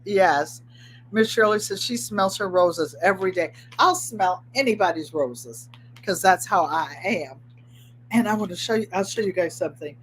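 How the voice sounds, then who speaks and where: A woman's voice: medium pitch, animated, normal speed, slight background noise. A woman hosting a casual craft livestream from home, chatting and giving motivational advice straight to her viewers, often repeating phrases for emphasis. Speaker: host of a craft channel. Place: at home, indoors.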